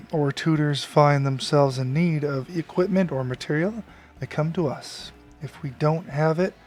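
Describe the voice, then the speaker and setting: A man reading out the lines of a chatty school clerk who welcomes a newcomer, slowly, stumbling over hard names. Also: on the high side, darkish tone, lightly acted.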